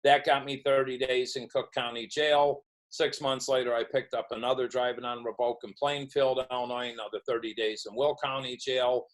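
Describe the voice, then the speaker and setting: On poor audio, a middle-aged podcast guest tells the story of his recovery during an interview, dramatizing other people's dialogue. His mid-range voice shows little pitch movement, and he keeps a moderate pace with hardly any pauses.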